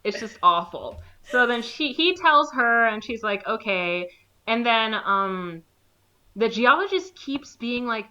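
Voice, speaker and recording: A woman's voice: slow pace, dull audio. A woman co-hosting a podcast, retelling a film in casual chat and acting out the characters' lines. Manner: animated, acts out characters with jumps in pitch, many "like" fillers. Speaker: podcast co-host. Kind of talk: casual movie recap chat.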